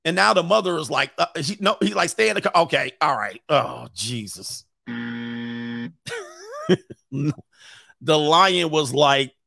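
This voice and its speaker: A man's voice: mid-range voice, expressive, slow pace, vocal fry, long pauses, bright, forceful tone, no room sound, clean studio sound. A man hosting a casual reaction stream, telling a story bluntly and with animation while he acts out quotes. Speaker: host.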